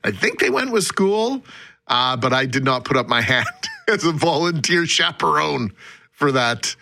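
Bright-voiced male radio co-host. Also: fairly high pitch, lively intonation, a little slow, creaky, no room sound. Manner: wry, self-deprecating, reads listener texts. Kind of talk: radio weather and banter. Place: radio studio. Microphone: studio microphone.

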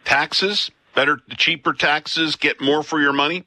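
A man hosts a call-in radio show from a studio mic. His voice is very bright and forward. He talks in a loose, conversational way and restarts his sentences as he thinks. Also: on the high side, steady tone, measured pace, dry recording. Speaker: radio talk show host.

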